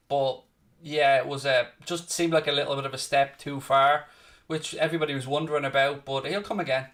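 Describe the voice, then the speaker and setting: A slightly high, somewhat bright male voice belongs to an Irish watchalong host from Ireland. He's running a live football stream, chatting casually, answering viewer questions and calling people "mate."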